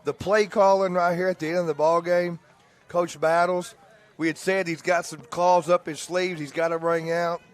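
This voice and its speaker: A man commentator chatting excitedly after a high school football game. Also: moderate pace. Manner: excited, exclaiming. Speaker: broadcast commentator. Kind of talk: casual postgame chat.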